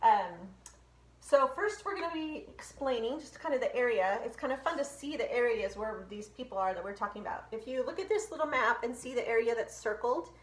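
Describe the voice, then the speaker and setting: Female co-host, raised pitch, chatty with ums, recorded in a roomy, echoey space. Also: animated, fairly quick. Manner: chatty, with frequent ums and giggles. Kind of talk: casual family history presentation.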